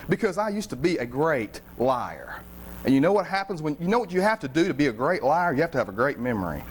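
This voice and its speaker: High-voiced pastor preaching. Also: male voice, slight background noise. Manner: conversational, animated storytelling with humor. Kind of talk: sermon.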